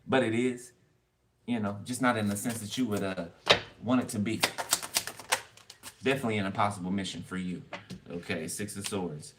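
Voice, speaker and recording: A man's voice: fairly low pitch, a little fast. A man giving a casual tarot reading, rambling and blunt with cards, swearing freely. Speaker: tarot reader. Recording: distant mic with background noise.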